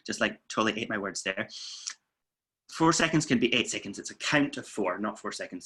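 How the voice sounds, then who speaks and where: A man, a weight-loss coach, calmly guiding listeners through muscle tensing and breathing exercises. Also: lowish voice, moderate pace, pauses often, husky. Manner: calm, steady counting and coaching. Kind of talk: guided relaxation instructions. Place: indoors, filming himself.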